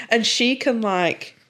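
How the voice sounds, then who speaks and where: A woman's voice: on the high side, sharp tone. A woman co-hosting a podcast, chatting casually about a book, laughing often and trailing off mid-sentence. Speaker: podcast co-host.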